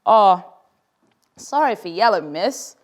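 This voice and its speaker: A woman's voice: mid-range voice, animated, slow pace. A woman doing a flustered, joking schoolgirl. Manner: rambling, stammering when nervous. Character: cheeky flustered schoolgirl, quick to joke.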